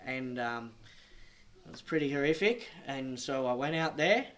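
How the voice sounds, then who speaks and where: A man preaching a sermon as a missionary, telling a story and swinging between loud emphatic lines and hushed ones. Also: mid-range voice, lively intonation, a little slow, slight background noise.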